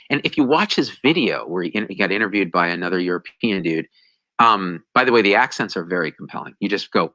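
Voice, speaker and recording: Science show guy ranting hard, sarcastic, bright sharp voice, lowish pitch. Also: brisk, no echo, rough recording. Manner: emphatic, animated, sarcastic ranting. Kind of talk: heated commentary.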